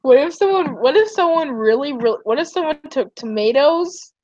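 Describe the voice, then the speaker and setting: A woman's voice: sits high, expressive, moderate pace, darkish tone, slight background noise. A young woman streaming, chatting casually in a rambling, giggly way. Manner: rambling, giggly, tells stories with acted quotes. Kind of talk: casual chat. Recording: dull, muffled stream audio.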